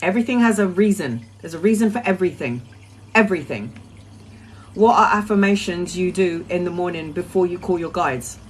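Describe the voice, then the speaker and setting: A woman's voice: fairly low pitch, fairly quick, slight background noise. Chatty woman hosting a spiritual live stream. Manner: chants mantras in a soft, dropping voice; talkative, with frequent um and uh. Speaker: spiritual live-stream host answering questions. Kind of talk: casual live-stream chat.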